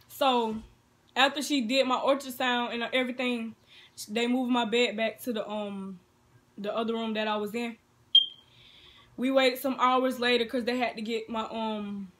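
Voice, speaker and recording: Young woman, casual storytime vlogger, bright and fairly high, animated teller. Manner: animated storytelling, gets loud and excited.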